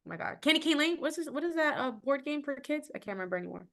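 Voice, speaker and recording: Bright-voiced woman, reflective guest. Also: high voice, lively intonation, very fast, gravelly. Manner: reflective, earnest, searching for words. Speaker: podcast guest, actress. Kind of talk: casual conversation.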